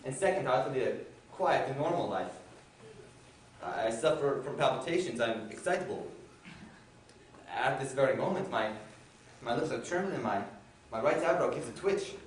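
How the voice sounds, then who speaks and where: A man's voice: mid-range voice, animated, normal speed, long pauses, natural voice. An actor plays a jittery thirty-five-year-old suitor who stammers through stiff, formal phrases on a stage play. He sounds distant, carried through a very echoey hall with a faint hum behind. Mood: anxious. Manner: flustered, stammering, overly formal.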